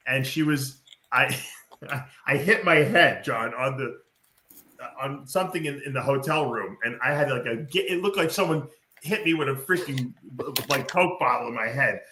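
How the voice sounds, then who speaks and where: A man hosting a podcast, chatty and quick to laugh while reminiscing. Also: medium pitch, bright, forceful tone, a little hiss or hum. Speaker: podcast host. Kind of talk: casual chat.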